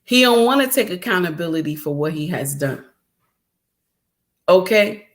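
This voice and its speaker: A woman's voice: lowish voice, expressive, normal speed. A middle-aged woman hosting a livestream, talking straight to her viewers in an emphatic, repetitive, preachy way. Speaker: livestream host.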